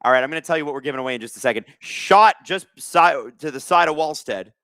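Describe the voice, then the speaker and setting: A man's voice: fairly high pitch, quick pace, no room sound, studio quality. A man in his thirties from Canada hosting a live hockey watch-along, calling plays casually and joking while reading out chat. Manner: jokey, reads chat aloud, bursts of excitement.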